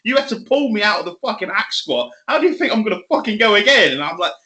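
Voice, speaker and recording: Young man, bright tone, sweary, laughs a lot, casual podcast co-host. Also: high-pitched, fast talker. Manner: swears a lot, laughs often, animated storytelling. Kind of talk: casual chat.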